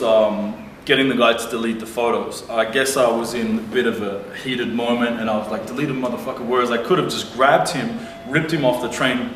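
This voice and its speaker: A man's voice: medium pitch, a bit bright. Brief: male vlogger, blunt and foul-mouthed storyteller, mid-range voice, roomy sound with the mic set back. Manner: blunt, profane, heated retelling. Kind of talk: casual storytelling to camera. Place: lives abroad. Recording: roomy, distant mic with faint noise.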